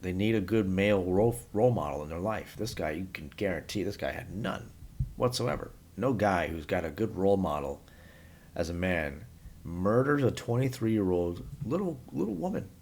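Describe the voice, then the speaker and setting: A man with a low voice speaks his mind bluntly in an unscripted vlog monologue. He rambles and circles back as he talks, restarting his sentences without polish. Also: expressive, normal speed, darkish tone. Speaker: vlogger giving his opinions. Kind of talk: unscripted opinion monologue to camera.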